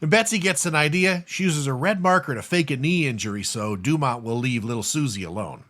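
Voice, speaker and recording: A man's voice: medium pitch, animated, fairly quick, fairly bright tone. A man co-hosting a podcast, recapping a film's plot in casual chat with wry asides. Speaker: podcast co-host.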